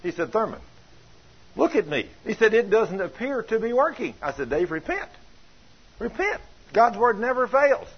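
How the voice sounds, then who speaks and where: An older man preaching a folksy sermon, telling stories with chuckles and plain colloquial grammar, with a husky voice. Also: high-pitched, very animated, moderate pace. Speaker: pastor. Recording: dull lo-fi sound.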